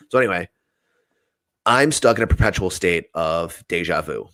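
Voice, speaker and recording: A young man from New Jersey with a deep, low voice tells a rambling story in casual chat. He acts out the other people's lines, swears freely and keeps the pace lively. The sound is close and dry, with no room around it. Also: brisk, dry recording.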